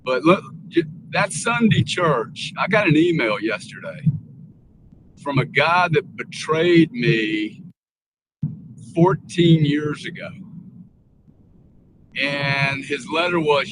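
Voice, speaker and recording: Give me an earnest, rambling man talking on a live panel, with clear noise behind him. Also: a little high, big pitch swings, slow pace, pauses often. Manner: rambling, earnest, many restarts. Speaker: guest speaker. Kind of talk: casual livestream panel talk.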